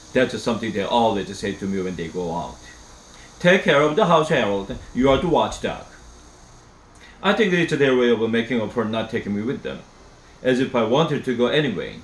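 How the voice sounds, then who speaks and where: A man from Korea, an English teacher reading a novel aloud in a steady storybook style for shadowing practice. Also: lowish voice. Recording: echoey room, faint hiss.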